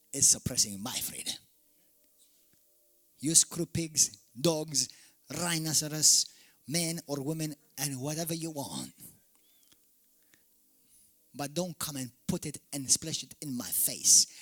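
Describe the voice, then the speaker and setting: A man from Malta preaching a fiery sermon as pastor, swinging from shouted peaks to sudden quiet drops. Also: a little high, expressive, slow, long pauses, soft background music. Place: church hall.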